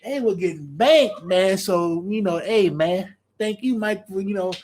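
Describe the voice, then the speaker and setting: A man with a high, lively voice hosts a solo podcast. He chats casually in an animated way, laughs often and repeats his phrases. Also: unhurried, background noise. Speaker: podcast host.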